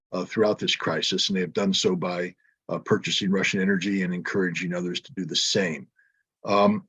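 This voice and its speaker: A man answering questions as a panel speaker at a press conference, measured and often pausing with fillers. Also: deep voice, slightly rough, dull audio. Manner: measured, frequent filler hesitations.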